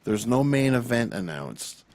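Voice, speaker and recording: A man co-hosts a casual wrestling podcast, talking in animated bursts, swearing and restarting his sentences. His voice sits in a middle pitch and sounds dry and close to the mic. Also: unhurried, no room sound. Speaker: podcast co-host.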